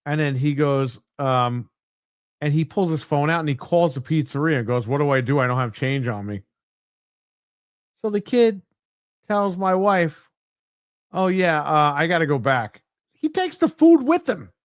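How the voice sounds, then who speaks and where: A man on a casual gaming podcast, his voice sitting a little high and recorded dry and close. He rambles through everyday anecdotes, swearing as he goes. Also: sing-song, unhurried, pauses often, no room sound. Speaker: podcast co-host. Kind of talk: casual chat.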